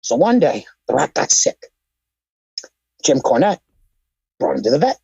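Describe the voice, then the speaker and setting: A man's voice: a little high, big pitch swings, unhurried, creaky, a little mellow, slightly rough, dry recording. Profane, storytelling man on a podcast, dull lo-fi sound. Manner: storytelling with quoted voices, profane. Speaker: podcast co-host. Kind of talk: casual podcast banter.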